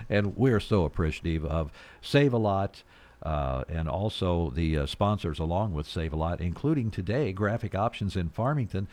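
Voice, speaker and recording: A man's voice: deep voice, animated, moderate pace, a little mellow. A male radio host in a studio, talking in a folksy, rambling way with chuckles. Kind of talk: morning radio show.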